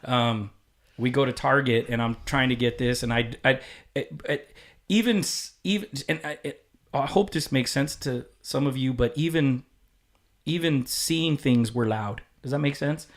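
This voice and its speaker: A man's voice: medium pitch, moderate pace. Candid, profane man telling a story. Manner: candid and profane, acting out quoted dialogue. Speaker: podcast guest. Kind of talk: casual storytelling chat.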